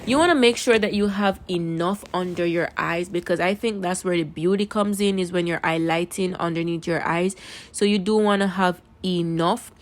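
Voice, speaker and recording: A woman's voice: lowish voice, normal speed. A woman with a Jamaican accent talking casually through a makeup tutorial into a phone camera, chatty and repeating words for emphasis. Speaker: makeup vlogger.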